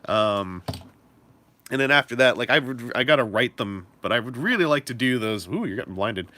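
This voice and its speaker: A man's voice: mid-range voice, lively intonation, moderate pace, sharp tone. A young man rambling casually to his stream viewers, self-deprecating and full of fillers. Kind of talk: casual livestream chat.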